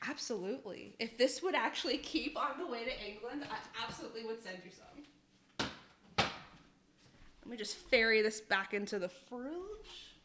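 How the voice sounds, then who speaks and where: A young woman in her twenties chats on a live cooking stream from her home kitchen. She laughs often and swears freely as she talks, in a voice pitched a bit high. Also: animated, measured pace, heavy background noise. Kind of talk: casual live-stream chat.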